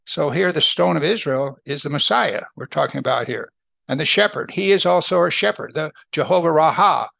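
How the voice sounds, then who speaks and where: A man's voice: fairly high pitch, lively intonation, brisk, vocal fry, a bit bright, no room sound. An older man teaching a Bible study in a conversational way, often checking in with his listeners. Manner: conversational, asks listeners to agree.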